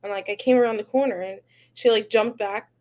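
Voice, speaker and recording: A woman's voice: mid-range voice, steady tone, a little fast, darkish tone. A young woman co-hosting a podcast, casually telling funny stories about her daughter between laughs. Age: young adult. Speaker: podcast co-host. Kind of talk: casual chat.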